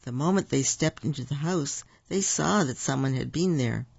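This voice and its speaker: A storyteller reading picture books aloud to children, slow and gentle, with asides to the listeners. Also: mid-range voice, creaky, husky, no echo. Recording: dull lo-fi recording.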